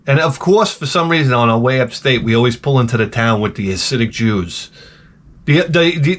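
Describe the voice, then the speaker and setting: With a medium-pitched, fairly bright voice, a male podcast host rambles through casual chat full of profanity. He rants crudely and keeps dropping into mocking impressions.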